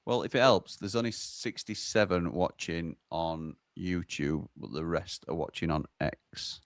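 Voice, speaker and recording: Low-voiced man reading stream chat. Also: steady tone, a little slow, dry recording, studio quality. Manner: reads out chat messages, chatty and wry. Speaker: host reading viewer comments. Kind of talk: casual football watchalong chat.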